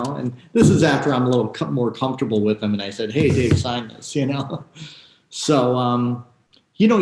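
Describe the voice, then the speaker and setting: A man guest in an interview, telling animated stories full of quoted asides and excited exclamations. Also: mid-range voice, echoey room, low-quality recording. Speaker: guest guitarist.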